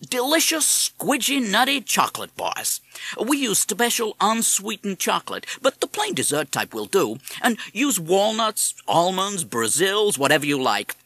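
A man's voice: sits high, wildly swooping pitch, a little slow, bright, forceful tone, breathy edge, no room sound, voice pushed up, heavily acted. A man voicing a chatty, polite male pet parrot with a folksy, courteous drawl in a storybook reading.

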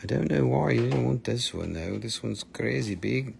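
A man hosting a live sales stream, talking with excited, animated patter as he shows and prices each item. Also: mid-range voice, moderate pace, creaky, noisy background.

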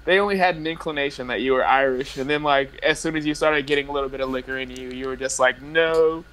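A man's voice: medium pitch, steady tone, quick pace, fairly bright tone. A young man telling a teasing story about a friend in casual podcast chat.

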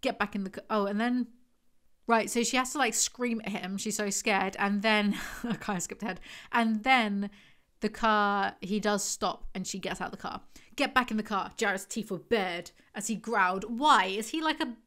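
A woman's voice: medium pitch, normal speed, a bit bright. A woman hosting a book review vlog, reading excerpts aloud and breaking in with sarcastic, wry asides. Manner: sarcastic, wry asides between read passages.

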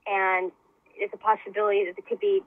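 Woman, fifties, podcast guest; husky, earnest, dull lo-fi call sound. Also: mid-range voice, little pitch movement, fairly quick, no room sound. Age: 50s. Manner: earnest, laughs often. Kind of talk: casual conversation. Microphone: remote call mic.

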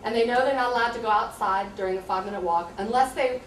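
An American woman, a high school teacher, explaining in an earnest, conversational way how she handles students. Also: quick pace. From USA. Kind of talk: explaining classroom practice to visitors. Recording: echoey room, distant mic, light hum.

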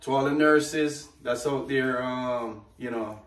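Earnest man talking haltingly in an echoey room. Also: medium pitch. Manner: halting, earnest, many "um" and "you know" fillers. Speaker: brand co-founder, co-host. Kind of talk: casual home vlog chat. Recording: echoey room, mic at a distance, background noise.

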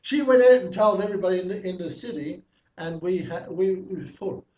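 A man's voice: sits high, a little fast, a little mellow. Man preaching from far off in an echoey room. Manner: chatty storytelling with frequent laughs and fillers. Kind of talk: testimony sermon. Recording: echoey, distant, dull, slightly noisy.

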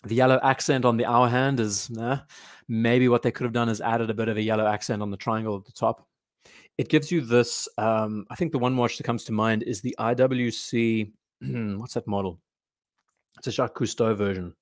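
A man's voice: medium pitch, steady tone, moderate pace, dry recording. A man hosts a casual livestream about watches, rambling and thinking aloud as he goes. He reads out and answers chat comments between his own remarks. His voice is recorded close and dry, with no room sound around it. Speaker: watch channel host.

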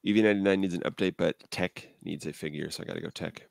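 A man chatting casually as a panel guest over a video call, quick and enthusiastic. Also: sits low, fairly even intonation, vocal fry, no room sound.

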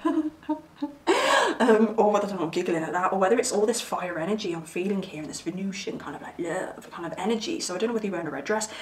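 A woman giving a casual tarot reading, chatty and giggly, rambling with plenty of fillers. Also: fairly low pitch. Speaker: tarot reader. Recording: roomy sound, mic at a distance, faint background hiss.

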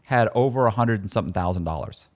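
Talking fast in a lowish voice, a man shares prison stories as a guest storyteller. It's casual, and he brings the tales to life by acting out the characters' voices.

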